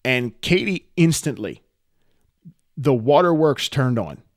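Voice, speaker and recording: A man co-hosting a podcast, telling a story in a casual, rambling, self-deprecating way that turns animated. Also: medium pitch, takes it slowly, no echo, clean studio sound. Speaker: podcast co-host.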